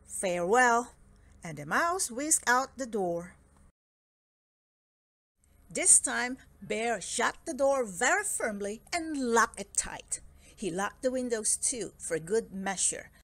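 Woman reading a children's book aloud, slow, lively pitch, higher voice, dry sound. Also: no echo. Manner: slow, expressive storytelling. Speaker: storyteller.

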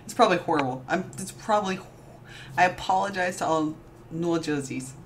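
A woman's voice: lowish voice, brisk, slight background noise. A woman streamer in casual late-night chat, giggly and rambling, often restarting her sentences.

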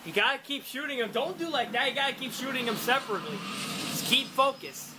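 A high-pitched woman calls out quick tips and commands, her voice bouncing up and down. She laughs often while coaching a friend through the game. Heavy background noise fills the space. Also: expressive. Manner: laughing, urgent instructions. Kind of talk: casual coaching and teasing.

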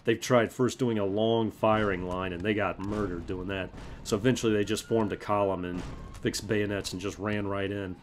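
A man from South Carolina hosting a let's play, mixing excitable yelling and laughter at the game with calm history explanations and casual swearing. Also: fairly low pitch, moderate pace, a little hiss or hum. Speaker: gaming channel host.

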